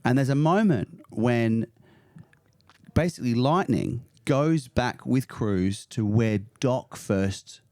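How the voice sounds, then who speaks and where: A man on a podcast excitedly retelling a film's plot, swearing freely and often breaking into laughter. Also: mid-range voice, slow pace, no room sound, studio quality. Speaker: podcast guest. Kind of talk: casual chat, retelling a film plot.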